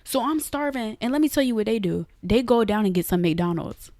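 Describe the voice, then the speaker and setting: A young woman, telling a personal story to her viewers in a chatty, animated way. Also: on the high side, fairly quick, hardly any pauses, no room sound, studio quality. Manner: chatty, animated, addresses listeners as y'all. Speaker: podcast host.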